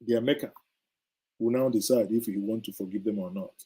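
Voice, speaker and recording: Indignant man with a dark, husky voice. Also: on the low side, fairly quick, low-quality recording. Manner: indignant, emphatic, sarcastic. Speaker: commentary host. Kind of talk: opinionated political commentary.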